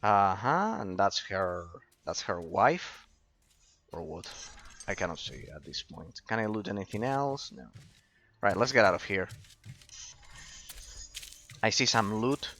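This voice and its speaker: A man's voice: lowish voice, expressive, slow, long pauses, pushed and bright. A man giving casual let's-play commentary, thinking aloud, trailing into fillers and swearing now and then. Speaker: gameplay commentator.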